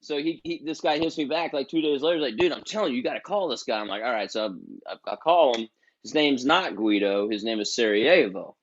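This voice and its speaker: A man chatting as a guest, telling an animated story and acting out other people's lines. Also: mid-range voice, brisk, lo-fi sound. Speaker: guest musician. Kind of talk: casual chat.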